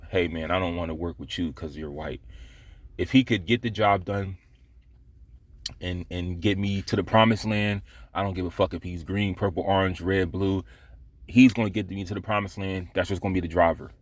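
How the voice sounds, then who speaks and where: A man's voice: low-pitched, dry recording. Blunt, profane man telling a work story. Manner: blunt, profane, rambling with restarts. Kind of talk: casual storytelling vlog.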